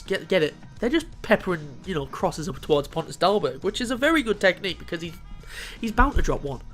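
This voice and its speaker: Excitable man commentating on a game. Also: sits high. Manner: excitable, swears freely, talks to the players on screen. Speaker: gaming video host. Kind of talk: casual video game commentary.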